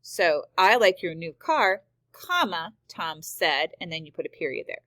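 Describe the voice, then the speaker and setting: A woman's voice: on the low side, animated, unhurried, a bit bright, no echo. A woman teacher explaining punctuation rules step by step, reading example sentences aloud. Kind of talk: screen-recorded grammar lesson.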